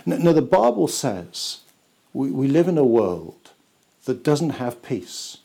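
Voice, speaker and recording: A man, a church pastor, preaching a sermon slowly and emphatically, with dramatic pauses. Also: medium pitch, very animated, creaky, dark tone, breathy edge.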